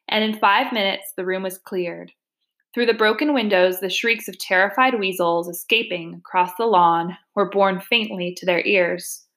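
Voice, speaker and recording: A woman teacher narrating a classic storybook aloud, expressive and measured. Her voice sits at a middling pitch, and she paces the action clearly for listeners. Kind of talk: storybook reading.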